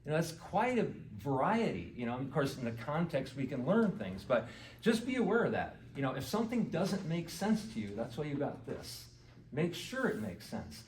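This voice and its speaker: Far from the microphone in an echoey meeting hall, a garden club speaker and author gives a casual lecture to his audience, chatting, quizzing them, and often saying "you know." His voice is fairly high and darkish with big pitch swings at a moderate pace, plus a little hiss or hum.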